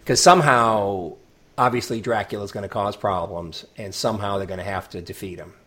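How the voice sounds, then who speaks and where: A man with a fairly low voice talks casually as a podcast co-host. He is opinionated and dry, dropping deadpan asides and sometimes stumbling through restarts. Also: fairly quick. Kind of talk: casual chat.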